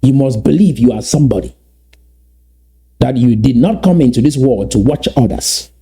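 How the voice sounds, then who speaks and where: A man from Southern Cameroons, giving an emphatic motivational address that repeats and slowly stresses key phrases. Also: medium pitch, animated, dark tone, slightly rough. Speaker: activist speaker.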